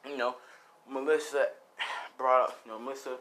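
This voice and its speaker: A man's voice: medium pitch, steady tone, moderate pace, heavy background noise. A man improvising a fan story in casual, rambling narration, full of fillers and the odd swear. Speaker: storyteller, channel host.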